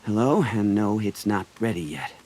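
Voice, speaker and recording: A man voicing a teasing, cocky teenage boy who cooks in a video game, with a lively voice. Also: lowish voice, moderate pace. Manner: teasing, playful.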